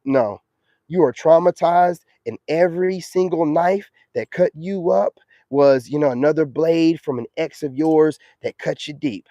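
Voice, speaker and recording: A man talking on his own live stream in a casual, slangy way. He preaches with emphasis, in a slightly high voice with a mellow, warm tone. The sound is dry and close. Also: unhurried, dry recording, dull audio.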